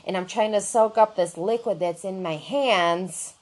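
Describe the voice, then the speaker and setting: A woman's voice: mid-range voice, unhurried. Foul-mouthed woman telling a wild story. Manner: profane, animated, self-mocking storytelling. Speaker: podcast co-host telling a story. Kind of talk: casual chat storytelling.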